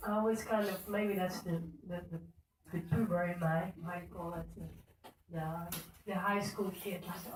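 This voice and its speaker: A woman's voice: fairly low pitch, steady tone, unhurried. A middle-aged woman giving an informal devotional talk at a temple and speaking to listeners by name. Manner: conversational, addresses listeners by name. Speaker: speaker at a temple Sunday program. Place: temple hall. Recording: echoey room, speaker far from mic, faint noise.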